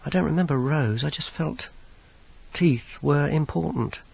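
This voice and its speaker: A stern young woman, voiced by a male narrator, speaks in a clipped, weary, wry way. Her voice is pitched a little higher than his own and sounds husky. The recording is dull. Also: measured pace, darkish tone, no echo, full character voice. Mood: uneasy. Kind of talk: audiobook character voice.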